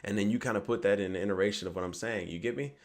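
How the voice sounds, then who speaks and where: A man's voice: on the low side, rapid-fire. A young man giving rambling casual dating advice to camera, often asking "you get me?". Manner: rambling, repeats "you get me", acts out quoted lines.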